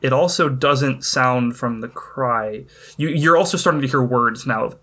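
A man running a tabletop game as game master, narrating scenes in a measured, descriptive way. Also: mid-range voice, a bit bright. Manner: measured descriptive storytelling with occasional fillers.

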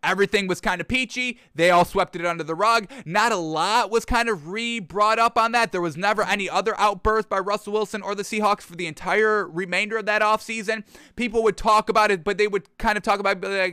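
High, bright-voiced sarcastic sports commentator man. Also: steady tone, a little fast, clean tone, no room sound, clean studio sound. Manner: sarcastic, mocks officials with put-on quotes; conversational, addresses listeners as folks and y'all.

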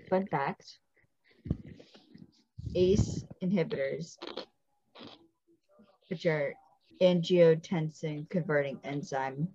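A woman's voice: low-pitched, warm tone, dry recording, dull audio. A woman hosting a podcast, recapping a TV episode in casual chat and stopping to explain details with asides. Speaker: podcast host.

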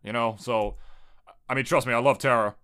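A man's voice: mid-range voice, fairly even intonation, brisk, a bit bright, clean tone. A man co-hosting a casual podcast chat, talking in a rambling, jokey way and swearing freely. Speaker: podcast co-host.

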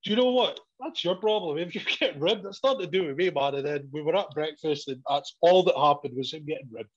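Speaking briskly in a husky voice, a man recounts a story in a relaxed chat, cursing frequently and laughing throughout. The audio is dull and low-fidelity.

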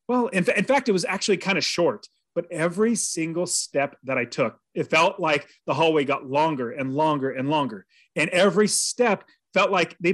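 Brief: male podcast guest, earnest storyteller, slightly high voice, dry close sound. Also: a bit bright, dry recording. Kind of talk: personal storytelling in an interview.

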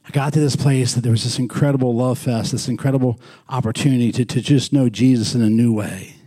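A man's voice: medium pitch, fairly even intonation, fast talker, dark tone, slightly rough. A male pastor preaching a sermon in a small church, talking conversationally, prodding the congregation with questions and repeating words for emphasis.

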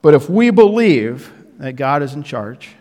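A pastor giving a sermon to his congregation, building emphasis with frequent pauses. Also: a little high, big pitch swings, warm tone. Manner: preaching with rising emphasis and pauses, addressing the congregation. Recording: echoey hall with long reverb.

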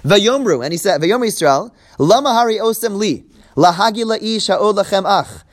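High-voiced man teaching a text class. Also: expressive, moderate pace. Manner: explains step by step and checks in with "right?"; reads Hebrew verses aloud and translates them line by line. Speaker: Bible teacher. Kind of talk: text-study lecture to a class.

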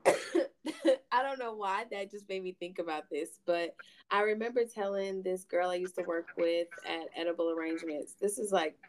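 A woman's voice: fairly low pitch, normal speed, slight background noise. A woman hosting a podcast, telling candid stories in casual chat and swearing freely. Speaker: podcast host.

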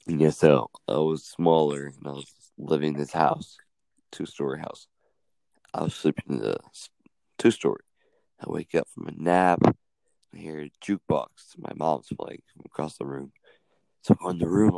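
Very deep gravelly man, rambling. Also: normal speed, dark tone, no echo. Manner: rambling storytelling. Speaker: podcast host. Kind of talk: casual chat.

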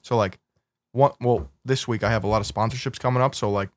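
A young man co-hosting a podcast, easygoing and chatty with relaxed slang. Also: fairly low pitch, a little fast, no room sound. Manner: easygoing, laid-back slang. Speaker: podcast co-host. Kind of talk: casual podcast chat.

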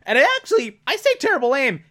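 A man's voice: very high voice, very animated, fast talker, fairly bright tone. A man casually recapping a TV episode, enthusiastic and rambling, laughing at himself. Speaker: TV episode reviewer. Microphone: desk mic.

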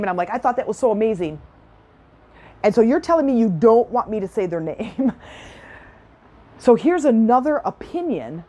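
A woman's voice: mid-range voice, darkish tone. Middle-aged woman, self-help speaker, chatty and enthusiastic, laughs easily. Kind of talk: personal storytelling talk.

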